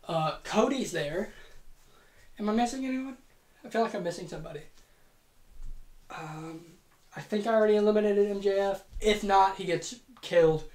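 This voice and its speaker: A host talks through a make-believe wrestling card in a loose, rambling way, cracking jokes, swearing and poking fun at themselves. The voice sits at a middling pitch, and the room around it is roomy and echoing. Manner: rambling, joking, profane, self-deprecating. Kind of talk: casual fantasy booking narration. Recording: roomy echo.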